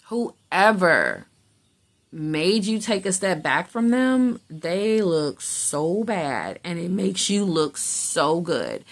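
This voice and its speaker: Extremely slow yet very animated, a woman with a lowish voice gives a casual tarot reading. She's blunt and emphatic, swears freely, and plays out how other people react.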